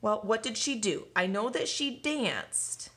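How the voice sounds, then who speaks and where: Slow, patient woman teaching children. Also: fairly high pitch, animated, fairly bright tone. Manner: slow, patient, asks and answers own questions. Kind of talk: recorded grammar lesson for children.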